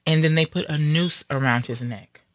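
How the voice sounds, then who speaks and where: A Black American woman with a deep voice and African American accent hosts a live stream, speaking at normal speed on a dry recording. Her casual, heated talk is angry and fiery, delivered with fierce emphasis.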